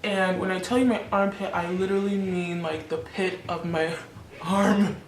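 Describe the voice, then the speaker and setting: Her voice lowish and fairly even in intonation, a Congo-born, Canada-raised beauty vlogger in her twenties talks at a moderate pace. She chats casually and laughs often as she applies makeup, in an echoey room with a little hiss or hum.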